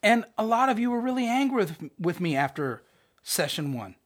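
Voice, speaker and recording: A Bible teacher leading a recorded study session, animated and folksy, who often checks in with listeners by asking "right?". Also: medium pitch, moderate pace. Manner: animated, acts out scripture characters, folksy slang.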